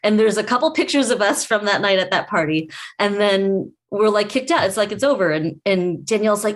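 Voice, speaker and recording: A woman's voice: medium pitch, brisk, a little hiss or hum. A woman guest from the food industry, telling a long anecdote in casual chat and acting out what other people said. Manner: lively anecdote teller who acts out others' voices.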